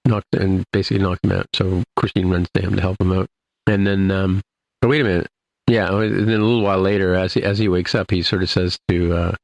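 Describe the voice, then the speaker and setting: A man's voice: low-pitched, little pitch movement, quick pace, gravelly, darkish tone, no room sound. A man co-hosting a podcast, casually recapping an episode in a rambling way, full of restarts and "you know". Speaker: podcast co-host.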